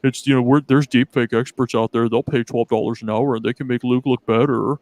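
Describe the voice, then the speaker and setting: A man's voice: medium pitch, fairly even intonation, a little fast, a little mellow, no room sound. A man with a mid-range voice rambles and jokes in a casual group chat. His sound is dry and close. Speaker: guest.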